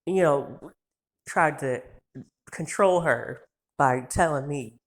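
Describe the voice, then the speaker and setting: A man in his twenties telling a story in a heated, profane rant, so worked up that he trips over his words. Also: on the high side. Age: 20s. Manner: heated, profane, rapid-fire insults.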